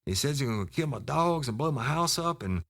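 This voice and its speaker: A man's voice: medium pitch, lively intonation, a little fast, gravelly, a bit bright, pitched above the performer's own voice. A man putting on a panicked, tearful young informant. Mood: pleading. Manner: pleading, repeating himself.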